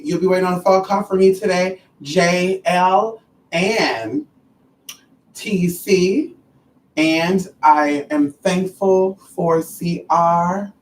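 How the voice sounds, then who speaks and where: A livestream host chatting casually with viewers, sassy, animated and profane, calling listeners honey and girl. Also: medium pitch, a little hiss or hum. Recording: roomy and distant from the mic.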